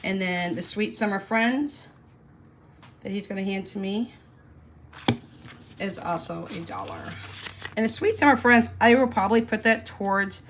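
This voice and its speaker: A woman's voice: medium pitch, a little slow, long pauses, background noise. A woman, chatting casually and folksily to her viewers while stuffing cash envelopes. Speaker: budgeting vlogger. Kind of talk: casual chat to camera.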